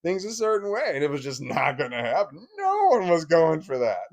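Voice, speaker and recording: A man's voice: huge pitch swings, normal speed. Middle-aged man telling a rambling story. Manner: rambling, with many restarts and short laughs; gets louder and higher as he gets worked up. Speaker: vlogger. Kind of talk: casual personal storytelling.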